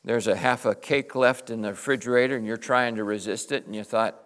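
A middle-aged male pastor preaching with passion, swinging between loud exclamations and hushed, tender passages. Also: medium pitch, steady tone, fairly quick. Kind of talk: sermon.

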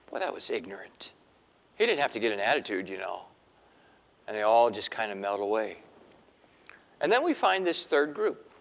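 A middle-aged man preaching a sermon in an animated way, acting out the voices he quotes. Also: on the low side, long reverb tail. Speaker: pastor.

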